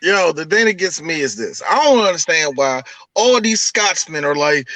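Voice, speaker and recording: A man's voice: on the high side, big pitch swings, normal speed, bright, forceful tone, no room sound. A man co-hosting a podcast, joking in casual chat and slipping into mock voices. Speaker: podcast co-host.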